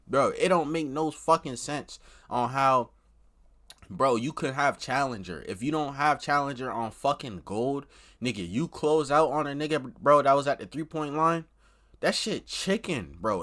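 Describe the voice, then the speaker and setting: Young man, streamer, casual live commentary, profane, slangy, animated swings in pitch. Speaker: streamer reacting to a developer interview.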